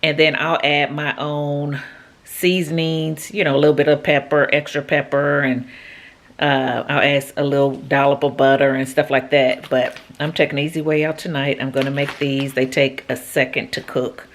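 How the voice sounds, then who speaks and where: A woman's voice: sits low, little pitch movement, moderate pace. A woman vlogger chatting casually to her viewers from her home kitchen while she cooks, with homey asides. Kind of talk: casual cooking vlog chat.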